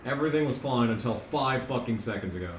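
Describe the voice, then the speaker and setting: Young dude streamer ranting, lots of swearing, echoey room, bit of background hiss. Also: male voice, mid-range voice, lively intonation, quick pace. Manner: sarcastic, profane, ranting. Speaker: game streamer. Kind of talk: casual gaming commentary. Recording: echoey room, distant mic, faint noise.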